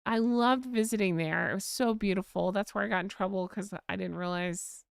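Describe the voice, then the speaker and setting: A woman's voice: mid-range voice, steady tone, a little fast, gravelly, smooth, no room sound, studio quality. An American woman hosting a casual live chat stream, chatting and reading out viewer comments. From United States. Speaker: livestream host.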